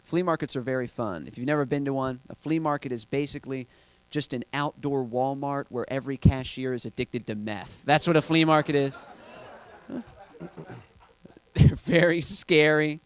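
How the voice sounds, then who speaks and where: A man doing a stand-up comedy set on a club stage, deadpan setups building to shouted punchlines. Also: mid-range voice, moderate pace, clean tone.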